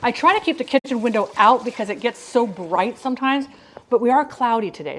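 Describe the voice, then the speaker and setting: A woman's voice: a little high, animated, a little fast, a little hiss or hum. A woman hosting a casual cooking livestream from her home kitchen, chatting with viewers by name and often restarting her sentences.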